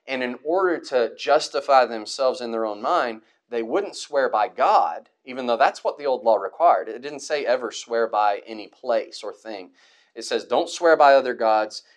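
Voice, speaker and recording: Reading Bible verses aloud and explaining them, a man teaches a Bible study class with a medium-pitched voice, using fillers and restarting his sentences.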